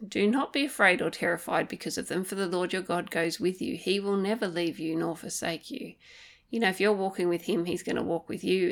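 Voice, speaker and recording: A woman hosting a solo podcast, talking gently and earnestly, thinking aloud with frequent pauses and ums while offering faith-based encouragement. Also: on the low side, creaky. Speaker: podcast host. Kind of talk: reflective solo podcast talk.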